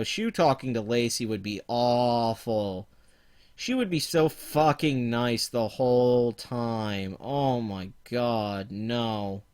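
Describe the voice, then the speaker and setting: A man's voice: mid-range voice, clear, resonant tone. A man casually chatting on a livestream, laid-back, rambling and profane. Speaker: livestream host.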